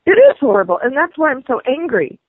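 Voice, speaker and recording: A woman's voice: high voice, sing-song, brisk, husky, no echo. A woman angrily complaining on a phone call, indignant and swearing. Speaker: prank call target, angry customer. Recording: tinny phone line.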